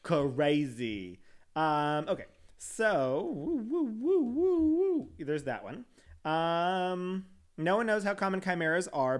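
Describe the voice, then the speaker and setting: A man on a podcast reading an article aloud with casual asides, often stumbling over words and laughing at himself. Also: on the high side. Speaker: podcast host.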